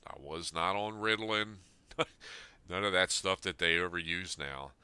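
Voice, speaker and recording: A man's voice: low voice, unhurried, bright, forceful tone, clean tone, no room sound. A man in his fifties, a podcast host, reading a personal letter aloud and then talking it over in an earnest, plain-spoken way. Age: 50s.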